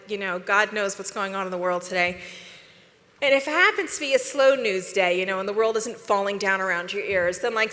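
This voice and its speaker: Chatty woman speaker in an echoey hall. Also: medium pitch. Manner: chatty and animated, asks the audience questions. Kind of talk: conference talk.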